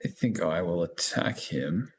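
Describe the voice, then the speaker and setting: A man playing a tabletop role-playing game, talking through his turn in a relaxed way with small chuckles. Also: low voice, a little slow, slight background noise. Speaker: player. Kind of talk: casual tabletop game chat.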